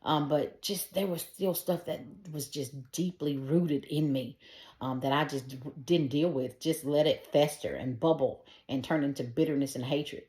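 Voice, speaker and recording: Middle-aged woman, low voice, earnest conversational testimony, echoey room. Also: moderate pace, mellow. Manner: earnest and conversational, talks straight to her listeners. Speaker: storyteller sharing her faith testimony. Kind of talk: personal faith testimony told casually.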